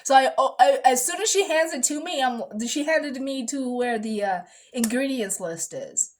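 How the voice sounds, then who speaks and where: A woman with a high, bright-sounding voice vlogs about her day in a casual, rambling way. She acts out other people's lines, jumps from mutters to loud outbursts, and swears freely as she talks into her phone camera. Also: normal speed. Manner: animated, swearing, dramatic retelling with quoted voices. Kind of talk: casual vlog storytelling.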